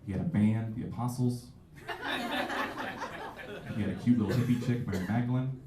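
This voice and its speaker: Crowd noise surrounds a man in his twenties doing a stand-up set on a comedy club stage, his lowish voice at a normal pace. He delivers loosely and mocks himself, breaking into bursts of acted-out voices, all heard as echoey, far-off audio.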